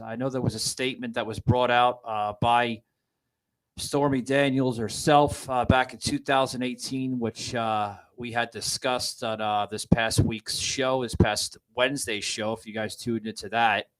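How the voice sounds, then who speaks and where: A man hosting a political podcast, talking in a halting, upset way with many fillers and restarts. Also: medium pitch, steady tone, rough recording. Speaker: podcast host.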